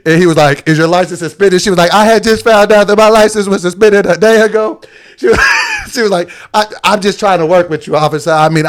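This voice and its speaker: Animated man telling a story. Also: sits high. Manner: animated storyteller acting out quotes, laughing often. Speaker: podcast co-host. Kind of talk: casual storytelling.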